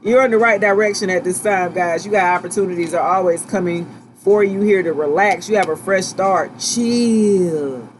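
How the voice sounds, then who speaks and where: A woman giving a casual tarot reading to her viewers, relaxed and reassuring, often checking in with "okay?" and "right?" and repeating herself as she talks. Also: on the low side, a little fast, slight background noise. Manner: loose, chatty, repeats and restarts phrases. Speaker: tarot reader.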